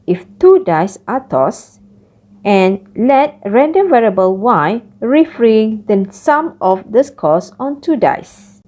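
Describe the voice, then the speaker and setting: A woman giving a recorded math lecture, explaining each step slowly. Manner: slow, lively pitch, explains step by step.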